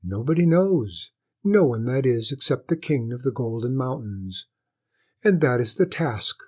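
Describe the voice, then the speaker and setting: A sly, knowing court jester who speaks in a courtly, measured way, as a male storyteller plays him. The voice is husky and a touch brighter than the narration, patient and mysterious in a storybook tale. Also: mid-range voice, sing-song.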